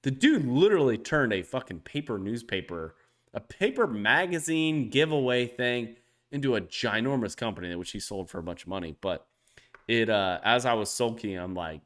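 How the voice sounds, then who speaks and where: A man in casual podcast chat, swearing freely as he tells stories. His pitch rides up and down with lively animation, at a middle register for a man. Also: normal speed. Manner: profane, animated storytelling, jumps high when quoting others. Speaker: podcast co-host.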